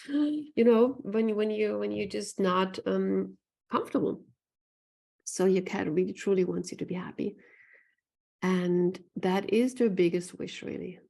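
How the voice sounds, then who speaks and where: A woman's voice: mid-range voice, creaky, darkish tone. A woman who works as an animal communicator gives an earnest live online talk, reading from the chat and often asking "right?". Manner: earnest, repeats phrases, often asks "right?".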